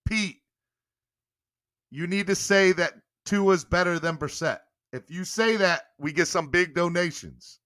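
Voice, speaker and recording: Bright-voiced playful male host. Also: high voice, measured pace. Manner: playful, coaxing, laughing often. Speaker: podcast host. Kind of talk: casual live-stream chat.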